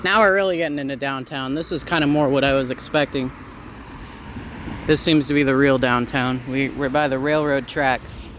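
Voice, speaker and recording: A man's voice: mid-range voice, fairly even intonation, normal speed, a bit bright, slight background noise. Rambling man narrating a bike ride. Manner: rambling, wry asides, frequent "uh". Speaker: transit vlogger. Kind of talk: casual narration while cycling. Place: outdoors, on a bike through town streets.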